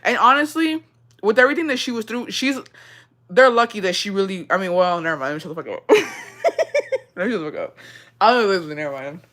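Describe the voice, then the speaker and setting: A woman's voice: medium pitch, big pitch swings, brisk, pauses often, a bit bright. A young adult woman vlogger chatting casually with her viewers in an emotional, rambling way, full of swearing.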